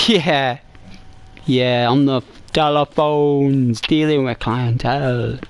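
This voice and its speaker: English male streamer, mid-pitched, rambling casual commentary, repeats himself, lively in anecdotes. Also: slow pace, clean tone. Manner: rambling, chatty, repeats and restarts phrases; gets animated and higher when telling stories. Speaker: gaming streamer.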